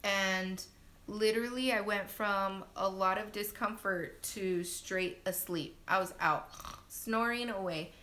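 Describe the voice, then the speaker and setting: On a phone livestream, a young woman casually recounts her birth story, chatty and slow, laughing often and using many fillers. She acts out quotes in sudden loud, high bursts.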